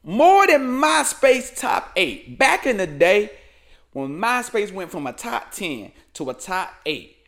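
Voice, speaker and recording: Animated high-pitched male comic ranting. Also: slow. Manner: animated, slangy, keeps saying "man". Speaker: comedic commentary host. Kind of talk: loose comedic rant.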